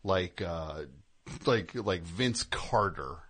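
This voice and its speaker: A man's voice: deep voice, very slow. A man hosting a call-in comedy radio show, bantering casually and slipping into exaggerated impressions. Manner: animated, jokey, slips into exaggerated impressions.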